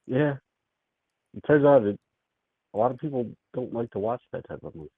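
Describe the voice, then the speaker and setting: Gravelly man on a tinny phone line. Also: mid-range voice, animated, moderate pace, dry recording. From United States. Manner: rambling, crude, laid-back, lots of fillers. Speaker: caller. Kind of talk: casual phone chat.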